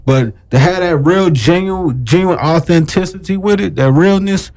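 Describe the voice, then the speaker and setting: A young American man chatting as a podcast guest, loose and slangy, who stumbles through restarts as he gets going. His voice sits on the high side, and he talks in a lively rush. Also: moderate pace. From United States. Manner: animated, slangy, repeats himself. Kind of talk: casual chat.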